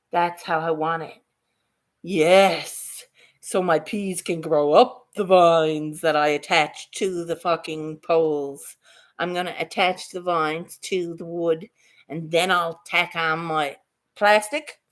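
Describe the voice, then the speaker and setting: A woman vlogging casually outdoors in her garden, rambling excitedly and swearing freely. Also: mid-range voice. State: a little out of breath.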